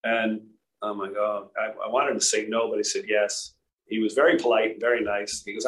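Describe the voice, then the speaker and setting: A man from Rhode Island, a former tour golfer, telling relaxed anecdotes in a casual chat with frequent restarts. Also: lowish voice, brisk, rough recording.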